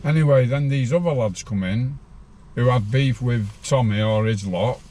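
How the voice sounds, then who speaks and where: A man's voice: medium pitch, moderate pace, mellow. A man in his sixties, a podcast guest telling a rambling story from his own life in a plain-spoken way.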